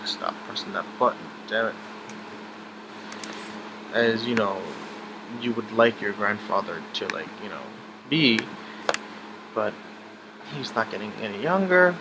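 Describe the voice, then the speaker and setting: A young man telling a personal story about his grandfather in a halting, emotional way, with many restarts and fillers. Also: fairly low pitch, lively intonation, noisy background.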